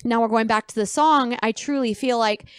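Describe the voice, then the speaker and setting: A woman guest on a chat podcast, telling a personal story with lively quoted voices. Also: fairly high pitch, moderate pace, clear, resonant tone, no room sound, clean studio sound. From Arizona. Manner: animated storyteller, acts out quoted friends.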